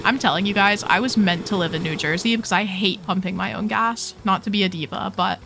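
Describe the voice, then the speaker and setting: A woman's voice: medium pitch, steady tone, a little fast, creaky, pushed and bright, slight background noise. A young woman hosting a casual video game tour, gushing and playful with lots of slang. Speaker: host touring game islands. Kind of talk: casual gameplay commentary.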